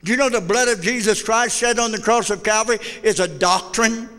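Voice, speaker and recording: A man's voice: high-pitched, brisk, fairly bright tone. A fervent older man preaching a sermon in a church, calling out to the congregation. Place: church hall. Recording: reverberant church hall.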